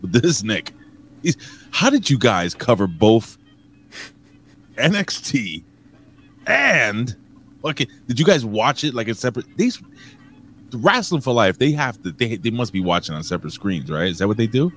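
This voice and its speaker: A man co-hosting a casual podcast, joking loudly and giving shout-outs to viewers in the chat. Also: medium pitch, big pitch swings, moderate pace, pauses often, a little hiss or hum. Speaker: co-host.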